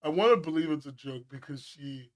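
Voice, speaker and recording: A man's voice: on the high side, brisk, dry recording, studio quality. A man chatting casually on a stream, joking, swearing and laughing often. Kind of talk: casual stream chat reacting to videos.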